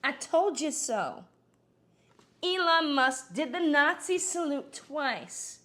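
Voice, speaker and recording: A woman's voice: sits high, sing-song, slow, fairly bright tone, exaggerated voice. A woman doing a cackling brash politician parody. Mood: joking. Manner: bursts of cackling laughter between crude punchlines. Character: cackling middle-aged female politician parody, brash and irreverent. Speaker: comedic news anchor. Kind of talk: satirical news comedy.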